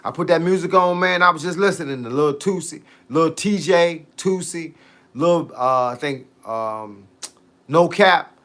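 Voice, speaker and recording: A man's voice: a little high, a bit bright. A middle-aged man, chatting casually on a fitness livestream, slangy and easygoing as he reads and answers viewer comments. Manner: laid-back slangy talk, drawn-out tangents.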